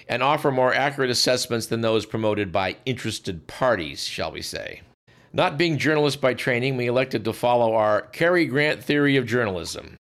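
A male radio host reads a scripted account in a dry, formal manner with wry asides. His voice sits at a middle pitch. The delivery stays measured throughout. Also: fairly bright tone. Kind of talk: scripted narration.

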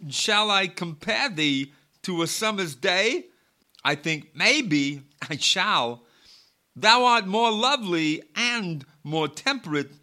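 A man doing a comedic impression of a famous actor reading a sonnet, with halting, quirky pauses. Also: high-pitched, expressive, bright, forceful tone, pitched above the performer's own voice, heavily acted. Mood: deadpan.

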